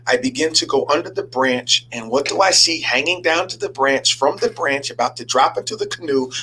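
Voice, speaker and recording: Animated pastor with a high-set voice. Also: male voice, moderate pace, slight background noise, rough recording. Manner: animated, repeats himself and stammers. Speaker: pastor and show host. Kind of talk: storytelling sermon chat.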